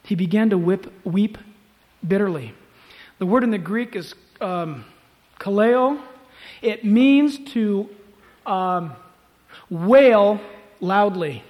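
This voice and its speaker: High-voiced man preaching with emphasis. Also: slow pace, long pauses. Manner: emphatic preaching, swinging from loud to hushed. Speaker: pastor. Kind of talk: sermon. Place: church service before a congregation.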